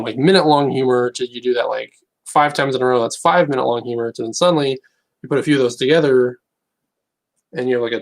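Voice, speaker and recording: Gravelly man rambling on a live stream. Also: medium pitch, low-quality recording. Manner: rambling and hesitant, many restarts and fillers. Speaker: YouTuber. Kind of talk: casual live-stream chat.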